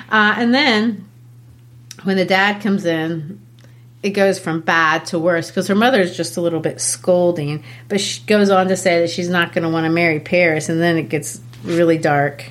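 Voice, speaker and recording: A woman teaching a literature lesson, animated and enthusiastic, with quick asides. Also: lowish voice.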